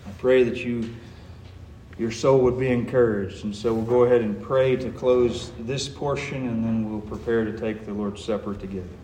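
A man's voice: mid-range voice, steady tone, normal speed, warm tone, echoey room, slight background noise. A man preaching a sermon in a church, earnest and emphatic, asking his listeners rhetorical questions.

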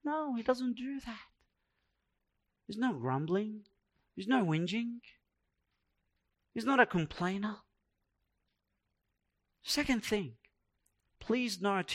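Male preacher, slow measured sermon delivery, dramatic swings from soft to loud. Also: high-pitched. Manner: acts out quoted complaints in a raised voice.

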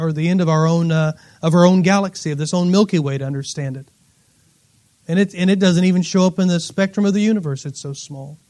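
A high-voiced man preaching a sermon. He reads scripture aloud and presses his points with repeated words, rising loud for emphasis and dropping to quiet asides.

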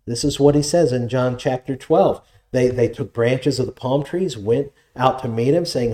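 A man's voice: mid-range voice, moderate pace, hardly any pauses, warm tone. A man preaching a sermon, reading scripture aloud and explaining it in an earnest, emphatic way.

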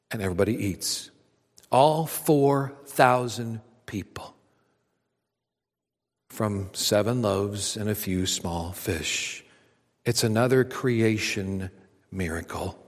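A man preaching a sermon to a congregation, swinging between loud emphatic lines and hushed near-whispers. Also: mid-range voice, lively intonation, slow pace, pauses often. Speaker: pastor. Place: church auditorium. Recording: long hall reverb.

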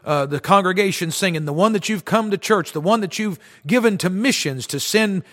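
Man, fervent sermon, emphatic, raised pitch, long echo. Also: a little fast, a bit bright. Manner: fervent, emphatic preaching with King James quotes. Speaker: street preacher.

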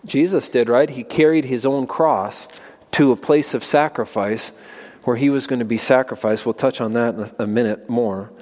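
A man's voice: medium pitch, normal speed, darkish tone. Man preaching emphatically in a reverberant hall. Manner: emphatic, asks the children questions. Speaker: preacher teaching children. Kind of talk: sermon. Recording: long reverb of a large hall.

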